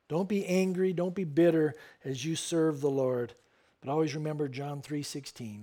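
Male pastor, higher-than-average voice, earnest sermon delivery with quiet, intimate lows. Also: lively intonation, moderate pace. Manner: earnest preaching, drops to soft intimate tones. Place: church sanctuary.

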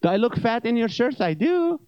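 A man's voice: very high voice, very animated, moderate pace, clear, resonant tone, no room sound, muffled recording, voice pushed up. A man voicing his own stomach as a jilted, whiny male character who scolds and guilt-trips him. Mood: indignant. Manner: nagging, wounded, guilt-tripping.

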